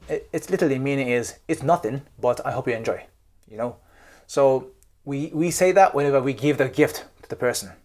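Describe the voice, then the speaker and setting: A man's voice: medium pitch, a little mellow. Chatty Japanese-accented man giving advice. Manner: chatty, keeps checking in with "right?" and "okay?". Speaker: YouTube host and cultural coach. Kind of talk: casual advice talk to camera.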